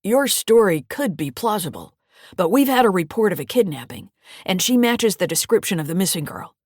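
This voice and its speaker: A woman's voice: mid-range voice, expressive, moderate pace, dry recording, studio quality, natural voice. A woman voicing a stern older male state trooper who questions firmly. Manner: firm, questioning.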